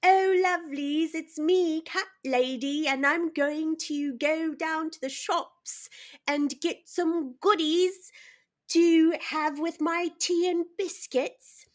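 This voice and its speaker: A woman plays a prim older cat lady with a genteel, lilting voice. She sits very high and draws her words out slowly, with a fussy sing-song rise. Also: steady tone. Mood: prim, chirpy.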